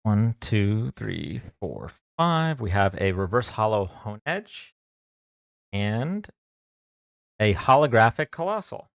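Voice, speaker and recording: A man's voice: on the low side, very animated, slow pace, creaky, dry recording, studio quality. A man streaming live, opening trading card packs, counting cards aloud and joking about himself with his chat. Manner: jokey, counts cards aloud, self-deprecating.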